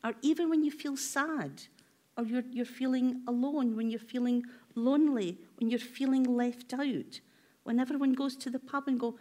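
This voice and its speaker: A woman's voice: high voice, fairly even intonation, normal speed, mellow. A woman therapist giving a workshop talk, asking her audience many reflective questions in a conversational way with filler ums.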